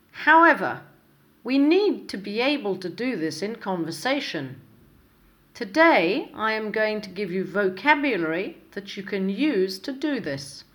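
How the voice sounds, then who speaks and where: A woman hosting an English lesson podcast, speaking slowly and clearly from a script, with exaggerated intonation in her examples. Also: mid-range voice, a bit bright. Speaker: English teacher, podcast host.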